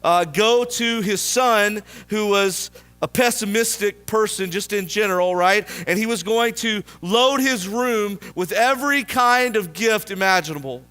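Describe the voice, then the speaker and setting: A man's voice: sits high, pushed and bright, clear, resonant tone. A man preaching a sermon in church, telling a story and asking the congregation questions. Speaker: pastor.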